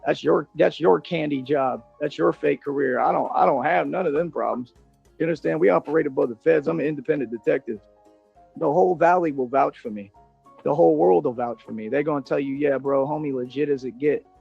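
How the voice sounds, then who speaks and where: A man's voice: fairly high pitch, fairly quick, vocal fry, slightly rough, lo-fi sound, soft background music. A man in a played video ranting defiantly and boastfully in street slang. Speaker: self-styled independent detective in a played video.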